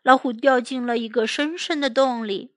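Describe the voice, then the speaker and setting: A woman reading a children's story aloud line by line, translating each line, gentle and clear, as storyteller and English teacher. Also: fairly high pitch, moderate pace, no room sound.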